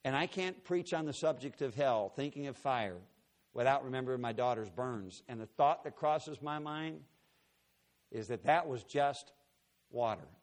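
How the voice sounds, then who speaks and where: A man's voice: medium pitch, animated, normal speed. A middle-aged male preacher telling a personal story in a sermon, acting out the dialogue dramatically.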